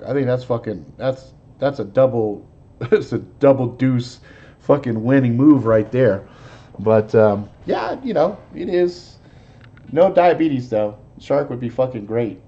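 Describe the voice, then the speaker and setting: A man's voice: mid-range voice, mellow, dull audio. A man hosting a live show, chatting casually in a profane, rambling, laid-back way. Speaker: host. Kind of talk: casual chat, movie talk.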